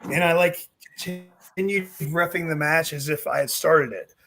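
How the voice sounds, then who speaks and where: Guy with a kinda high voice, ex referee telling backstage stories, gets animated doing the quotes. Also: normal speed. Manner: animated, acts out quotes with swearing and laughs. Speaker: former wrestling referee, guest. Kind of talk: casual storytelling interview.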